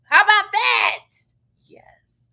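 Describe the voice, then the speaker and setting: Sassy, lively woman livestream host. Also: very high voice, slow pace. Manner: sassy, profane, chatty. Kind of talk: casual livestream chat reading viewer messages.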